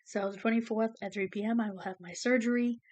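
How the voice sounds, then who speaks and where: A woman vlogger speaks quickly to a camera pointed at her, sharing a casual personal update. Her pitch is fairly high, her intonation fairly even and her tone darkish, and she rambles emotionally, nearly crying at moments, filling gaps with "um" and "you know."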